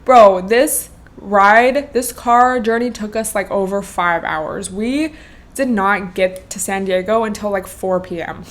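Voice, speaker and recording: A young woman hosts her own podcast and chats her way through a story. Her talk is loose and filled with "like" and "bro", with swearing dropped in casually. Her voice sits at a middle pitch for a woman. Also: takes it slowly. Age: 20s. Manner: chatty, swears freely, lots of "like" and "bro". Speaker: podcast host.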